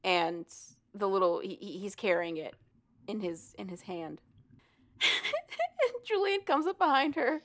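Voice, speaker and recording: A woman casually recapping a story for a co-host, animated and profane, laughing often as she talks. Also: medium pitch, unhurried. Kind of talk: casual chat.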